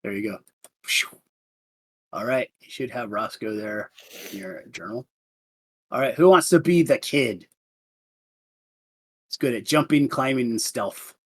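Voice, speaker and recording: A man's voice: mid-range voice, measured pace, pauses often, breathy edge. A man narrating as game master of a tabletop game, rambling with many fillers.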